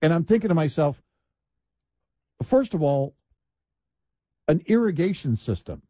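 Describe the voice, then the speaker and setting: A man's voice: a little high, very animated, measured pace, warm tone, dry recording. A man co-hosting a talk radio show, telling everyday stories in casual banter.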